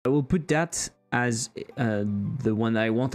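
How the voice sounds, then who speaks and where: French-accented male game-dev streamer, mid pitch, excitable, cusses, self-deprecating, faint music bed. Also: a little slow, hardly any pauses. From France. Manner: excitable, swears often, self-mocking. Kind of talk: casual live-stream commentary while coding.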